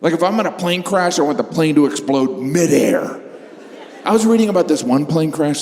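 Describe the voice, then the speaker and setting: A middle-aged man performing stand-up comedy with a deadpan, exasperated delivery. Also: fairly high pitch, moderate pace. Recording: stage mic in large echoey theater. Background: audience laughter.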